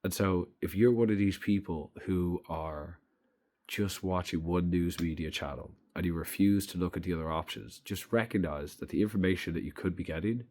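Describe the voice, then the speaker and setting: Blunt, low-voiced man ranting. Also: normal speed, a little mellow. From Ireland. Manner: emphatic, blunt and profane. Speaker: vlogger. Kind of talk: opinion monologue to camera.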